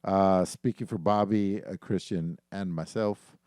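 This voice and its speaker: Low-pitched dude co-hosting a gaming podcast, dry mic, swears a lot, lots of uh and um. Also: male voice, fairly even intonation, a little slow, darkish tone, no echo. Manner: loose, swears freely, hesitant fillers. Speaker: podcast co-host. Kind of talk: casual podcast chat.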